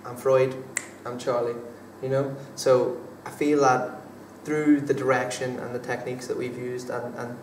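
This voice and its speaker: A young adult male drama student, with a mid-range voice, gives casual interview answers in a flat, halting manner, hesitating with many fillers and restarts. He was recorded at a distance in an echoey room with faint background noise.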